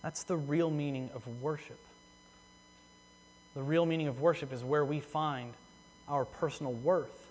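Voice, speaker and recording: Male pastor with a slightly high voice, preaching earnestly in a church with long reverb. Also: steady tone, darkish tone, a little hiss or hum. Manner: earnest, repeats phrases for emphasis, slows on key words. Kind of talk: sermon.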